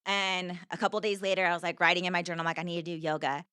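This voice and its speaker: Young woman guest, slightly low voice, dry close sound, earnest storytelling with lots of fillers. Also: steady tone, rapid-fire, sharp tone, clear, resonant tone, dry recording. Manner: earnest, repeats herself, many "like" fillers. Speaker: podcast guest. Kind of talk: conversational storytelling.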